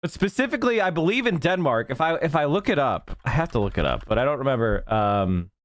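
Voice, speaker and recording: A male streamer reacts bluntly and swears freely. His voice sits fairly high and moves a lot in pitch. The recording is dry and close. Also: expressive, fast talker, no echo. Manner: blunt, profane, thinks aloud. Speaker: stream host reacting to a clip.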